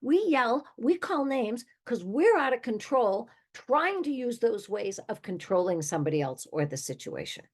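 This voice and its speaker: Husky older woman, emphatic advice. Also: on the high side, big pitch swings, normal speed, hardly any pauses. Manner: emphatic, conversational, given to little laughs. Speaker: therapist and show host. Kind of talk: direct-to-listener advice monologue.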